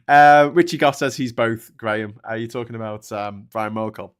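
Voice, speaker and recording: A man's voice: fairly low pitch, fairly even intonation, moderate pace, creaky, few pauses, clean tone. A man hosting a live stream, chatting casually, joking, swearing freely and reading out viewer comments. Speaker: livestream host.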